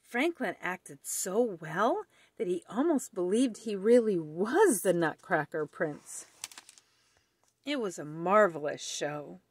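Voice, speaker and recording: A woman reading a children's picture book aloud in a slow, expressive storytelling manner. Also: medium pitch, no echo.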